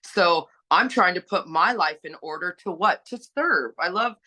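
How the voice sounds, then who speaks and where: A woman's voice: lowish voice, animated, normal speed, bright, forceful tone. A woman sharing her recovery story on a panel, earnest and exhorting, asking rhetorical questions. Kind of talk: personal sharing, preachy.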